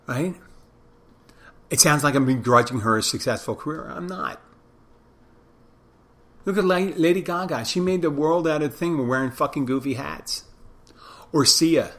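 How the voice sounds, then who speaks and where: A man's voice: medium pitch, moderate pace, long pauses, fairly bright tone. A podcast host, a man with a mid-range voice, holds forth in loose, opinionated chat. He leans on sarcasm and drops swear words freely as he goes. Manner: sarcastic, profane ranting.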